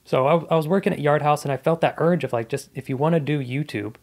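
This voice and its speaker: A man's voice: fairly high pitch, quick pace. A man in his thirties, a comedian guest on a podcast, telling his life story in a casual, earnest and reflective way.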